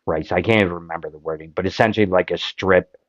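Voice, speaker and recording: A man's voice: low voice, fast talker, no room sound, muffled recording. A Canadian man hosting a podcast, giving casual political commentary in an impassioned, frustrated way, full of rhetorical questions. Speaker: podcast host.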